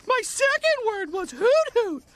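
A voice actor playing an overeager male owl-house creature in a cartoon, who shouts out cheerful, clingy exclamations and keeps hooting. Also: very high-pitched, big pitch swings, measured pace, very noisy, full character voice. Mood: manic excitement. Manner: constant exclamations, punctuated by hooting. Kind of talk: animated cartoon voice acting. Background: loud cartoon score.

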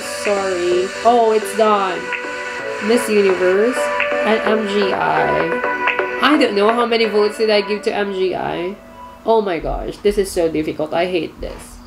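Filipino lady vlogger gushing over gowns, slow talker, clear music underneath. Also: mid-range voice. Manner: gushing, indecisive, lots of exclamations. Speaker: vlogger reacting to pageant gowns. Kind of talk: casual reaction vlog. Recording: music playing behind.

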